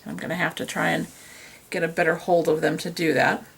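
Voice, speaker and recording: A woman hosts a craft tutorial, talking casually while working with her hands, filmed by a camera on a tripod. Her low, husky voice is brisk and flat with vocal fry, and she's chatty and self-deprecating.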